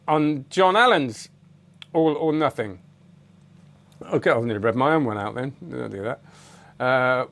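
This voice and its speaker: A man's voice: medium pitch, a bit bright. A middle-aged British man hosting a magic review channel, chatting casually and rambling while greeting viewers by name. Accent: British English. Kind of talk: casual live-stream chat.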